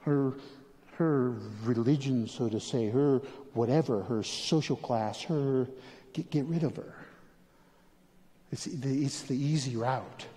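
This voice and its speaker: A male pastor delivering a sermon, moving between quiet questions and animated, urgent pleading. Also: mid-range voice, takes it slowly, in a large hall.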